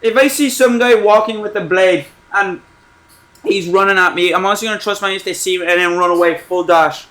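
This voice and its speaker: A young man doing casual, joking commentary on a horror game, reading its questions aloud slowly and answering sarcastically. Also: high-pitched, fairly even intonation, bright, forceful tone. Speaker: gaming streamer.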